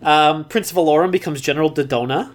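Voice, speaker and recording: Brief: lower-pitched woman, podcast co-host, laid-back storyteller, dry and teasing. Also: brisk. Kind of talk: casual chat, storytelling about film history.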